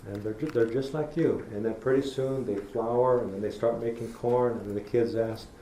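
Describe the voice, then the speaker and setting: A man's voice: mid-range voice, steady tone, normal speed, dark tone. A middle-aged man giving a public talk, telling folksy stories and acting out how he talks to children. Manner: storytelling, folksy, acts out talking to kids. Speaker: public lecturer. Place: university lecture hall. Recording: echoey lecture hall with faint noise.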